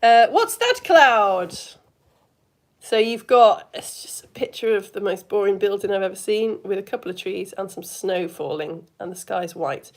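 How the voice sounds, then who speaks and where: Lively, chatty woman teaching science. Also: mid-range voice, normal speed. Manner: chatty, enthusiastic, asks the viewers questions. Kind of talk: live online science lesson.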